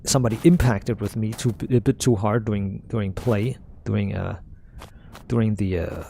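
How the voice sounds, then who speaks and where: Gravelly-voiced man, mid pitch, blunt rambling gamer commentary with faint engine hum behind. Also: normal speed, dark tone. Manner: blunt, opinionated, repeats and restarts phrases. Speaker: gamer streaming a playthrough. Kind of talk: casual rambling commentary while playing.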